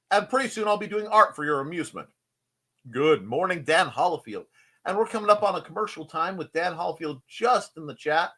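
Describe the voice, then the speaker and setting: Lively bright-voiced man hosting a stream. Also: fairly high pitch, normal speed. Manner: rambling, jokey, greets chatters. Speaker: live stream host. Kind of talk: casual live-stream chat. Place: home desk at his computer.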